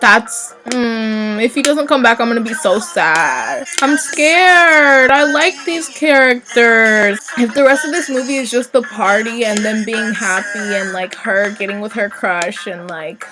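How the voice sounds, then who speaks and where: A woman's voice: fairly high pitch, measured pace, few pauses, music in the background, low-quality recording. A young woman hosting a movie commentary, chatting casually and reacting aloud as she gushes over what she watches.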